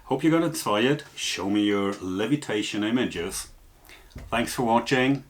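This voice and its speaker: A man with a low, deep voice explains photo editing one step at a time, often pausing on fillers like "uh" and "um". Faint room ambience sits behind him. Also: expressive, a little hiss or hum. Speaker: photography tutor. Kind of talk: screen-recorded software tutorial.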